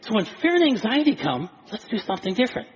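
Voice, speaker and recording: A man preaching a sermon in an animated way, acting out quoted voices with chuckles. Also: sits high, fast, muffled recording. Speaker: pastor.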